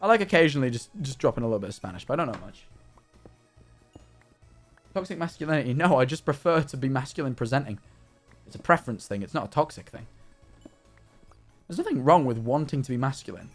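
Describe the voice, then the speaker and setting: A man's voice: mid-range voice, expressive, quick pace, long pauses, faint music behind. A man live streaming while he plays a game, talking in a rambling, chatty way with many restarts and fillers. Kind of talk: casual chat while playing a game.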